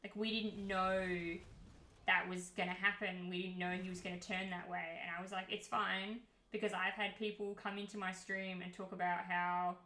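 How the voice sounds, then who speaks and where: A woman streamer talking straight to her chat in a bright, clear voice, blunt and unfiltered, with swearing dropped in freely. Her voice sits at an ordinary middle pitch. The room around her gives it a noticeable echo. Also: flat delivery, normal speed. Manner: candid and heated, swears freely. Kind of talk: casual livestream chat. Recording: roomy echo.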